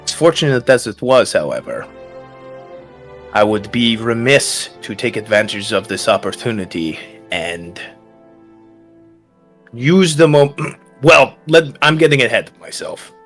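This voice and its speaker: A man's voice: mid-range voice, expressive, unhurried, pauses often, fairly bright tone, soft background music. A man voicing a wary, weary middle-aged male camp leader in a tabletop game, speaking in a guarded, dry way.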